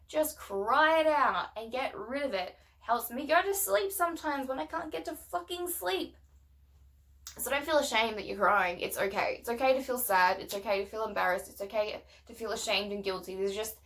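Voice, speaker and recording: A woman's voice: on the high side, fairly bright tone. A young woman venting in a casual rant to camera, blunt and swearing often, emphatic and heated. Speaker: vlogger.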